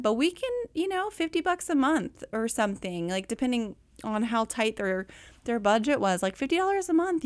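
A woman, coaching listeners on budgeting in casual, animated chat and calling them y'all. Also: on the high side, no echo, clean studio sound. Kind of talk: casual talk.

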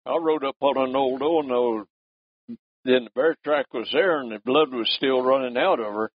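A man's voice: mid-range voice, normal speed, husky. A man telling a short ranch story in a plain, matter-of-fact way. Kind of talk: casual storytelling. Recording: dull lo-fi sound.

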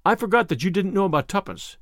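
A man's voice: high-pitched, expressive, fast talker, fairly bright tone, dry recording, clean studio sound, voice pushed up. A man voicing an eager, polite young Englishman who talks earnestly and deferentially. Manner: earnest, deferential, says sir often.

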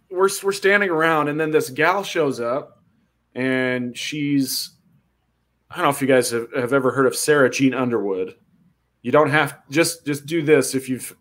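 A man's voice: mid-range voice, measured pace. A man telling a funny story in casual chat, acting out voices and reactions. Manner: animated, acts out voices in quotes.

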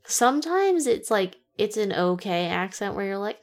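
Woman, casual podcast co-host, dry wry humor, mid pitch. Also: very animated, normal speed, hardly any pauses. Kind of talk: casual movie review chat.

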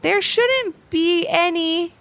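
Storybook role: woman as a steady, soothing dad. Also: very high-pitched, takes it slowly, gravelly, voice pushed up, full character voice. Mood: calm. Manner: reassuring. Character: calm reassuring father.

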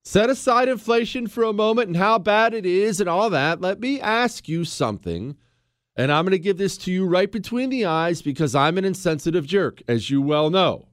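A man delivers a combative commentary monologue, needling the listener with sarcasm. His pitch sits a touch high and leaps around with animated emphasis. The recording is dry and close, with no room sound. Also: no room sound. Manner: mocks others with put-on quoting voices. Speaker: political commentary host. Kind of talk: ranting monologue.

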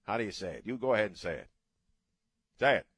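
A man's voice: on the low side, sing-song, fast, fairly bright tone, slightly rough, no echo. Blunt, ranting middle-aged man. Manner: blunt, ranting, casual cursing. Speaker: radio talk show host. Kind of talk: opinionated radio talk.

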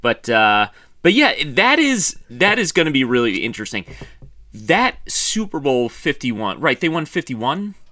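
A man's voice: mid-range voice, a little slow, no echo, studio quality. A man co-hosting a football podcast in casual chat, laughing often and joking. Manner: laughs often, jokey and animated. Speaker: podcast co-host.

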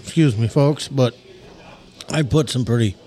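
A man's voice: medium pitch, a little slow, mellow. A man co-hosting a podcast in loose, rambling, laughing banter. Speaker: podcast co-host. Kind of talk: casual chat.

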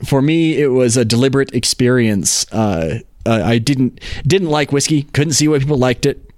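A man's voice: mid-range voice, normal speed, a little mellow, dry recording, clean studio sound. A young man co-hosting a casual cocktail podcast, joking playfully and restarting his sentences. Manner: playful, jokey, stumbling restarts. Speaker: co-host.

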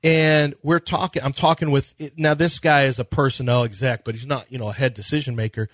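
A man's voice: mid-range voice, fairly even intonation, brisk, a bit bright, no room sound, studio quality. A man co-hosting a sports radio show, telling stories animatedly and quoting others' conversations. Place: radio studio. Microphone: studio microphone.

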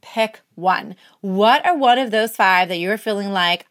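A woman's voice: mid-range voice, a little slow, hardly any pauses, no echo, clean studio sound. A woman hosting her own podcast, talking straight to listeners in an upbeat, encouraging, chatty way with casual fillers. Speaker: podcast host. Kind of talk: solo podcast outro, motivational.

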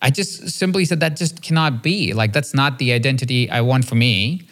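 Male podcast host, mid-pitched, casual storyteller, earnest and reflective, conversational fillers. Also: moderate pace. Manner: acts out quoted dialogue with a raised, lively pitch.

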